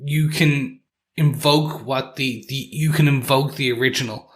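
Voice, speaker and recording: A man co-hosting a podcast in casual chat, playful and quick to laugh, often restarting his sentences. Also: medium pitch, steady tone. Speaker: podcast co-host.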